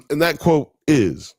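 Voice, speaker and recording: A man's voice: fairly high pitch, darkish tone, no room sound, studio quality. Profane Southern man, rambling commentary. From Alabama. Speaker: podcast host. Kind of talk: casual commentary on a TV documentary.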